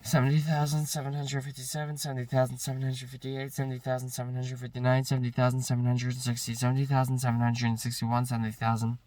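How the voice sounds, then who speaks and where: A man rattles through long numbers at a rapid clip, stumbling now and then and correcting himself. His voice sits at an ordinary middle pitch and sounds a little distant from the microphone. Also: completely flat delivery, a little mellow, dry recording. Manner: rapid rote counting with slips, self-corrections and bursts of swearing frustration. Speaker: streamer counting aloud. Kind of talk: long monotonous counting stream.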